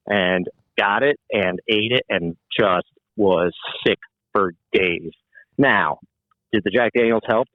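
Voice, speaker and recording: A man from New Jersey and New York City, a guest musician telling animated stories in casual chat and swearing freely. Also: fairly low pitch, slow, dry recording, poor audio. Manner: animated storyteller, acts out quoted voices, swears freely.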